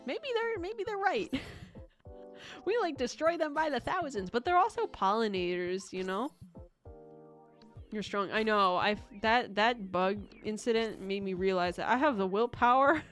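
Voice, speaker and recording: A woman's voice: medium pitch, expressive, a little slow, a bit bright, faint music behind. A young woman streaming from home, chatting casually with viewers in a rambling, giggly way, with bursts of squealing baby talk.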